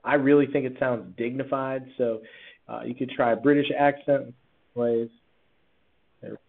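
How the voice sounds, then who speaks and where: Casual male teacher walking through software. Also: mid-range voice, steady tone, unhurried, creaky. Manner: casual, chatty, with frequent fillers and restarts. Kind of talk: screen-recorded software tutorial. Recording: tinny, phone-like sound.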